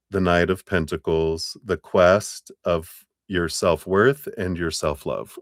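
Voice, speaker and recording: A man with a very low voice reads tarot cards live for a client. He talks gently and loosely, drifting through his thoughts with plenty of fillers. The sound is dry, with no room echo. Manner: casual, rambling, gentle, full of fillers. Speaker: tarot reader.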